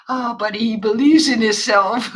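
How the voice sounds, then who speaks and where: Woman craft host, casual chat, slow delivery, keeps breaking into laughter. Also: a little high. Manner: laughing helplessly between short remarks.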